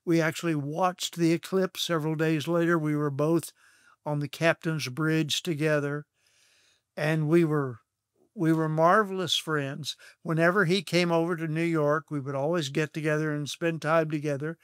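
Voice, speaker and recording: An older man from Texas, a guest on an interview show, telling stories from his past in an unhurried, anecdotal way. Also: a little high, steady tone, no room sound, clean studio sound. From Texas, USA. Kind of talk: reminiscing storytelling.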